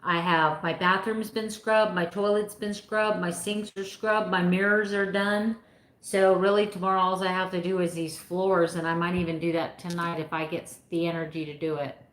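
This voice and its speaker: Chatty woman in her fifties, low and echoey. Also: level tone, normal speed. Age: 50s. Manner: chatty, rambling, laughs often. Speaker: vlogger answering live chat. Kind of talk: casual live chat. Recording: echoey room.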